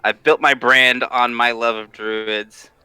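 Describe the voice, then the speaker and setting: A man's voice: mid-range voice, steady tone, takes it slowly, sharp tone, smooth, no room sound, faint music behind, poor audio. A man from Washington state, chatting as a podcast guest, enthusiastic and laughing often, with stammering restarts. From Washington state, USA. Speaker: guest, tabletop content creator. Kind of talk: casual interview chat.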